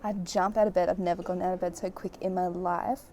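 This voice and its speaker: A woman's voice: fairly low pitch, little pitch movement, fast talker, a little mellow, slight background noise, poor audio. A young woman from Australia chatting through a casual travel vlog, telling stories with lots of "like" fillers. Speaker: travel vlogger.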